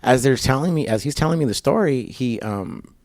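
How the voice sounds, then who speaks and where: A man's voice: mid-range voice, brisk, no echo, studio quality. A man being interviewed, telling a long story casually with lots of fillers and acting out the voices of the people in it. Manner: animated storyteller, many fillers, acts out quoted voices. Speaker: guest. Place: barber shop.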